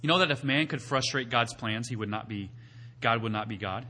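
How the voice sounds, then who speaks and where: A male pastor preaching a sermon, asking his listeners rhetorical questions and rising to loud, emphatic peaks before dropping back to quiet teaching. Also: medium pitch, brisk, a little hiss or hum. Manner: asks the congregation rhetorical questions.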